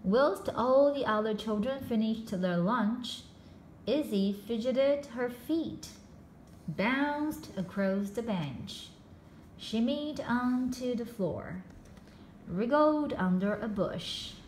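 A woman reading a children's storybook aloud in a slow, expressive way with dramatic pauses. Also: fairly high pitch. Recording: roomy echo with faint background hum.

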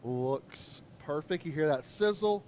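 A man's voice: fairly high pitch, expressive, slow, slight background noise. A man, a chef doing a live cooking demo in an upbeat, chatty way. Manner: upbeat, chatty, lots of shout-outs.

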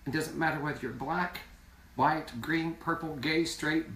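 A man's voice: a little high, steady tone, measured pace, fairly bright tone. A man singer in a casual live video chat, speaking earnestly and repeating words for emphasis. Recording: roomy sound from far off.

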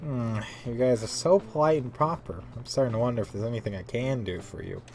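A man voicing a calm, kind-hearted tough gangster in a video game, speaking in a laid-back, dry way. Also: mid-range voice, a little fast, natural voice.

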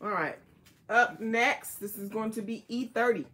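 Woman, slightly high voice, casual live-sale host, chatty, repeats codes. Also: a little slow, fairly bright tone. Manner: chatty, repeats item codes, addresses viewers as y'all and mama. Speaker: jewelry seller hosting a live sale. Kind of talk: casual live selling chat.

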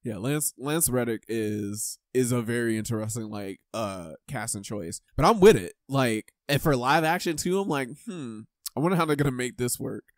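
Male podcast co-host, mid-pitched, rambling, dry close mic. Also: animated, moderate pace, few pauses, dry recording. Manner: rambling, lots of fillers and laughs. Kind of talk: casual chat.

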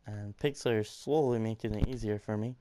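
The young man has a lowish, steady voice and talks briskly over a noisy background. A gaming YouTuber, he's giving let's-play commentary through his computer microphone in his room at home with the window open, swearing in frustration and laughing at himself.

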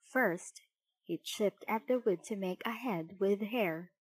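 A woman narrating a children's storybook in a clear, measured reading. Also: medium pitch, no echo, low-quality recording.

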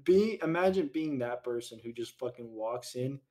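A man's voice: mid-range voice, lively intonation, moderate pace, dark tone. A young man joking animatedly with friends on a podcast, acting out mock quotes. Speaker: podcast co-host. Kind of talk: casual chat.

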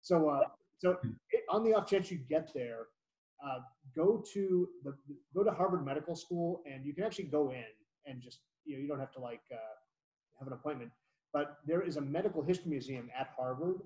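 A man's voice: a little high, a little fast, a little mellow, poor audio. A man hosting an online book club, talking in a rambling way, correcting himself and laughing often. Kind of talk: casual book discussion. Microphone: video call.

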